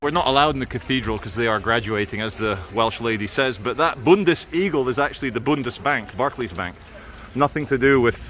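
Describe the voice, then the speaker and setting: A middle-aged man vlogs while walking through city streets, delivering a wry, sarcastic running commentary into a handheld camera. His voice is medium in pitch and fairly bright in tone, with slight background noise.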